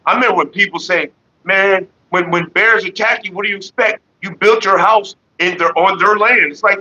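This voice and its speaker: Profane, animated man telling a story. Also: high voice, moderate pace, highs cut off. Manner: animated, profane, slips into quoted voices. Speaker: livestream host. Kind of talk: casual profane storytelling to viewers. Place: home.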